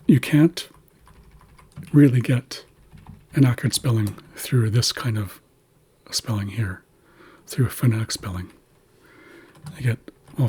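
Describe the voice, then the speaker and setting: Man, very breathy and husky voice, mid pitch; patient language teacher who sounds out words syllable by syllable. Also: darkish tone. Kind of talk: explaining pronunciation of an Indigenous language.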